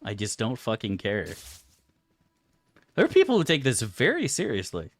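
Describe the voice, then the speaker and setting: A man's voice: medium pitch, wildly swooping pitch, normal speed, no room sound. A man chatting casually on a live game stream, crude and profane, rambling through asides to his chat.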